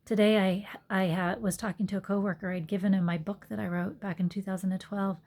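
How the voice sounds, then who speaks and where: With a medium-pitched voice and flat delivery, a woman who teaches yoga speaks quickly into her phone. Her reflective monologue is earnest and soft-spoken, broken by occasional whispered asides.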